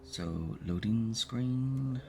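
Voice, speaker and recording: A man's voice: medium pitch, lively intonation, very slow, vocal fry, over music. A man streaming, reading a game's script and quest notes aloud in a plain, matter-of-fact way.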